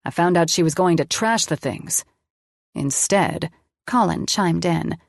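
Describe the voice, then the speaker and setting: Woman reading a romance audiobook, lowish voice, intimate inner-monologue feel, dry close sound. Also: a little slow, creaky, no echo. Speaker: audiobook narrator. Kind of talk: first-person audiobook narration.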